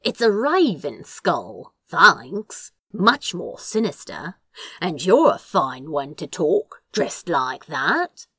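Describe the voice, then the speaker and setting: A woman's voice: low voice, very animated, slow, sharp tone, slightly rough, dry recording, heavily acted. A woman voicing a dry, teasing masked young man who speaks in a wry, understated way.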